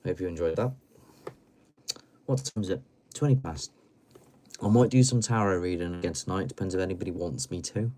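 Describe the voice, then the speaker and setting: A man hosting a late-night live stream from home, chatting in a rambling, giggly, playful way, swinging between loud bursts and mumbles. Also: deep voice, slightly rough. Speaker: livestream host.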